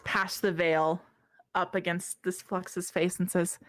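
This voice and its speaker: A woman narrating as game master of a tabletop game, measured with small hesitations. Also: on the low side, little pitch movement, no room sound, studio quality.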